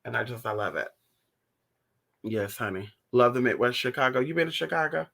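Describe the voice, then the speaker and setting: Sassy, animated man chatting on a livestream. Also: medium pitch, fairly quick, creaky. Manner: sassy, animated, profane, calls viewers honey; theatrical outbursts while retelling stories. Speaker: livestream host answering viewer chat. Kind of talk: casual livestream chat.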